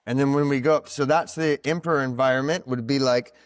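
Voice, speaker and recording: A man in a relaxed podcast chat who explains things like a patient teacher and leans on "like" as he thinks. His voice sits at an everyday middle pitch. The sound is dry and close, with no room around it. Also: quick pace, clear, resonant tone, no room sound, faint music behind. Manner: reflective, teacherly, full of "like" fillers. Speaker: podcast guest, card reader. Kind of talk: casual podcast conversation.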